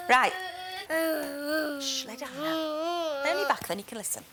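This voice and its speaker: Woman, mother in a bedroom, high and animated, firm with the child, noisy recording. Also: normal speed, long pauses. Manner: coaxing but firm, lively. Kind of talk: bedtime talk with a child.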